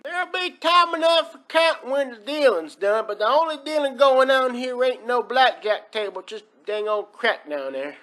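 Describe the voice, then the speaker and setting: High bright man hamming it up. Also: animated, moderate pace, hardly any pauses. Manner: rambling folksy drawl, exaggerated, laughing often. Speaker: host of a countdown video. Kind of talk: comedic countdown rant.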